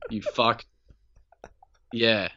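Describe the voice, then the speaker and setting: A man's voice: mid-range voice, drawn-out words, dull audio. A young Australian man co-hosting a gaming podcast, telling a rambling story full of swearing and acted-out quotes. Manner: animated, swears freely, acts out voices in anecdotes. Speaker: podcast co-host. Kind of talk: casual storytelling chat.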